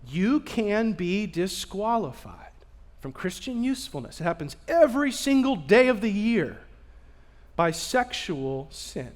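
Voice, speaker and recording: A male pastor preaching a sermon, telling stories with animation and swinging from loud bursts to hushed asides. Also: high voice, sing-song, a little slow. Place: church sanctuary.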